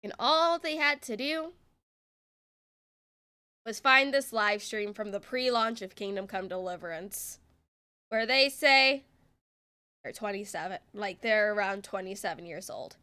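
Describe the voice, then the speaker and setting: A woman's voice: mid-range voice, a little slow, long pauses, sharp tone, clear, resonant tone. A woman streamer giving exasperated, sarcastic reaction commentary and swearing freely.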